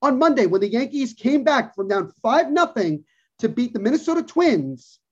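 At a normal speed but very animated, a man with a very high-pitched, breathy-edged voice rants about sports while co-hosting a podcast. He keeps repeating his points for emphasis in the casual, opinionated talk, recorded with dull lo-fi quality.

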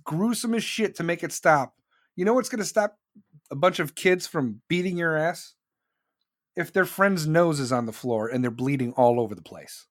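Profane, blunt middle-aged man. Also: a little high. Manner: profane, blunt storytelling with laughs. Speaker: podcast host. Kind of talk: casual podcast monologue.

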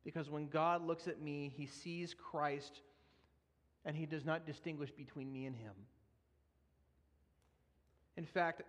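A young man with a high, light voice preaches a sermon, telling a personal testimony in an earnest, storytelling way. His words carry with the long reverb of a large hall. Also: fairly even intonation, a little slow, long pauses, a bit bright. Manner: earnest storytelling, laughs at himself.

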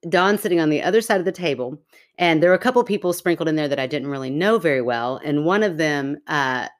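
A woman with a slightly low voice chats casually as a podcast co-host. She tells her story in an animated way and breaks into laughter often. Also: fast talker. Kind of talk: casual chat.

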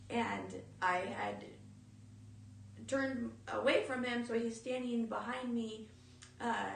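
A woman's voice: on the high side, gravelly, a little hiss or hum. A woman giving an informal sermon, earnest and storytelling. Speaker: speaker in a teaching talk. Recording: echoey room, mic at a distance.

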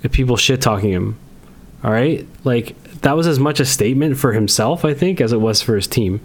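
A man's voice: mid-range voice, animated, a little fast. Man ranting bluntly on a podcast. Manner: blunt and ranting, swears a lot. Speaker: podcast co-host. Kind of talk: casual chat.

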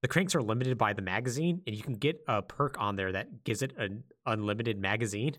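A man co-hosting a podcast, retelling a game's story in a loose, animated way and acting out the lines of its characters. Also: lowish voice, fairly quick. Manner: animated storytelling, acts out quotes. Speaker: podcast co-host. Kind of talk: casual podcast chat.

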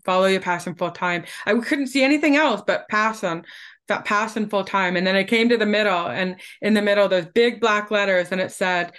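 A woman's voice: mid-range voice, a bit bright, smooth. A woman in her forties, a keynote speaker and podcast guest, telling her life story animatedly and acting out the dialogue.

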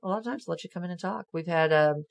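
A woman from a music radio station joining a casual panel talk. Her voice sits a little low, and she speaks in an easygoing, self-deprecating way, laughing often. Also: very fast, gravelly.

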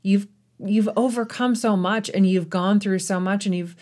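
A woman's voice: mid-range voice, steady tone, moderate pace, a little mellow. A woman host in a casual interview, speaking with heartfelt emotion and asking a guest to reflect. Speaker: podcast host.

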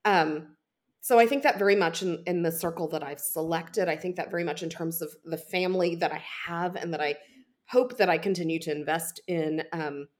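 A woman's voice: lowish voice, moderate pace. A middle-aged woman, a podcast guest, speaking candidly and reflectively. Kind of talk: casual podcast interview.

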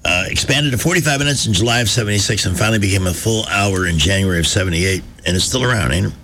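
Joking radio talk host. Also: male voice, fairly low pitch, rapid-fire, few pauses, sharp tone, slight background noise. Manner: wry, joking, conversational.

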